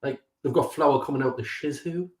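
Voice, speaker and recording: A man's voice: mid-range voice, normal speed, reverberant. A male host joking and teasing his guest in a casual chat over a video call. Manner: teasing, jokey.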